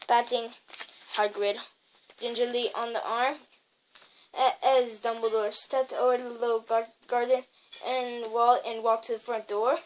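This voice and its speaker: A woman's voice: fairly high pitch, level tone, unhurried, a little hiss or hum, rough recording. A woman reading a novel aloud, stumbling over words and correcting herself as she goes. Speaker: reader.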